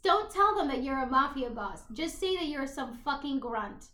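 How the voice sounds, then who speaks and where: A woman with a high, bright voice chats casually as a podcast co-host, swearing freely and jumping between a retelling and her game. She sounds like she is in an echoey room. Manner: sweary, animated retelling with quick asides. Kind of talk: casual chat, recapping a movie while playing a video game.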